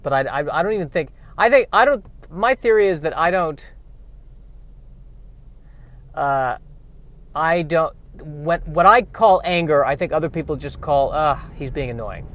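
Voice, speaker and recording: A man's voice: a little high, lively intonation, measured pace, pauses often, a bit bright. A man doing a stand-up monologue, musing in a rambling, self-deprecating way. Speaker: comedian.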